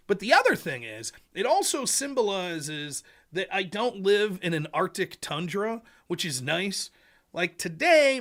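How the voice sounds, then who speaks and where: Bright-voiced, sarcastic male streamer. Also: high voice. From rural Pennsylvania, US. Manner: sarcastic, animated, rambling. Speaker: livestream host. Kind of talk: political livestream commentary.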